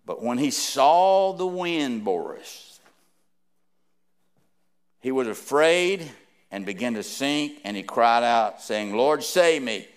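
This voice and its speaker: A man preaching a sermon, reading scripture aloud and swinging between hushed, slow lines and loud, rising ones. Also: mid-range voice, big pitch swings, clear, resonant tone.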